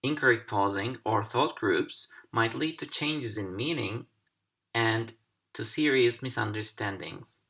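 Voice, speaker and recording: A man teaching English over slides, speaking slowly and deliberately with careful pauses. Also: mid-range voice, gravelly, bright, forceful tone. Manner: slow, deliberate, carefully paced. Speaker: English language instructor. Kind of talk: slide-based recorded lesson.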